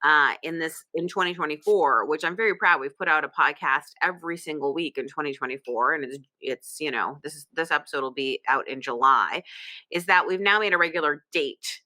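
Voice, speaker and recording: A woman's voice: deep voice, fairly quick, pushed and bright, no room sound. A woman hosting a podcast in casual chat, talking in a chatty, digressive way full of asides, recorded on a computer mic. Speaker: podcast host. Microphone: computer microphone.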